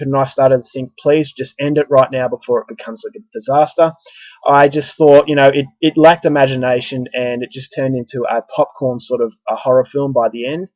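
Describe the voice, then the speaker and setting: An Australian man giving a casual spoken film review, talking conversationally with frequent pauses and restarts. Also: medium pitch, no echo, muffled recording.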